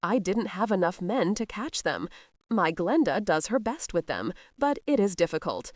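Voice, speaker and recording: Femme qui fait un chevalier lâche et flagorneur. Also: female voice, medium pitch, sing-song, normal speed, dry recording, studio quality. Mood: evasive. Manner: fawning, excuse-making. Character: evasive cowardly middle-aged male steward knight.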